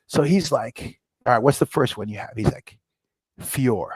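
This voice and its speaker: A middle-aged man, a guest on a podcast, telling his story in a lively way and acting out the dialogue. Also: medium pitch, moderate pace, husky, no echo. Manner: lively storyteller, acts out dialogue with rising excitement. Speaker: scotch company founder, guest. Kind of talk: animated storytelling interview.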